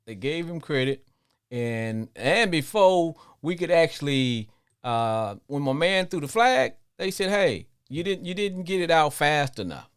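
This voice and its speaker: A middle-aged man hosting a live football call-in show in a loose, rambling way. His pitch swings widely from low mutters to sudden high bursts, and he keeps stumbling over repeated words. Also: big pitch swings, measured pace, clear, resonant tone. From Arkansas, with Louisiana family. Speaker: podcast host. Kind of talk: live sports call-in rant.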